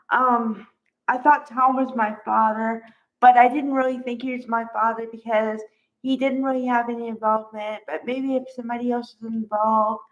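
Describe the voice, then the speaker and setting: A woman casually recapping a soap opera episode, chatty and exasperated, acting out the characters' lines. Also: fairly high pitch. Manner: chatty, exasperated, acts out quotes. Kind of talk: casual spoken recap and commentary. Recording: dull lo-fi audio.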